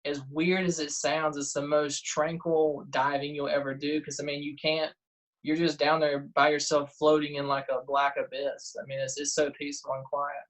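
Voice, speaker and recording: A man, a guest in a casual interview, telling lively stories and acting out quotes. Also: fairly high pitch, moderate pace, low-quality recording. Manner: animated storyteller, acts out quotes, frequent "uh" and laughs. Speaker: guest diver and detectorist.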